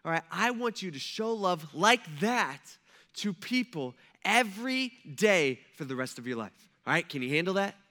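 A man's voice: sits high, very animated, moderate pace, sharp tone, exaggerated voice. A man voicing Jesus as a patient, earnest teacher speaking to his followers, in his own everyday preaching voice.

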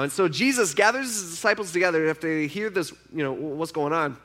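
A man's voice: on the high side, fairly quick, few pauses, pushed and bright. A man preaching, retelling a Bible story in a casual, chatty way and acting out the characters' lines.

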